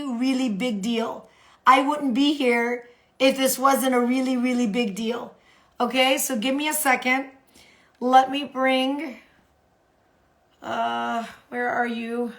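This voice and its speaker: A woman from the United States hosts a live social media stream, animated and repeating phrases for emphasis. Her voice is high and her pace unhurried.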